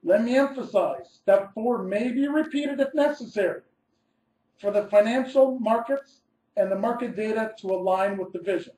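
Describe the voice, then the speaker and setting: Man, architect, webinar presenter, mellow warm tone, methodical, stresses key words, roomy echo. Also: high-pitched, normal speed. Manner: methodical, reads through numbered steps and stresses key words.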